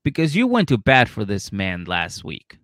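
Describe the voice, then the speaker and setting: A man's voice: fairly low pitch, huge pitch swings, moderate pace, fairly bright tone, dry recording, studio quality. A man hosting a casual comedy podcast, retelling a reality show with swearing and laughter. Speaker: podcast host.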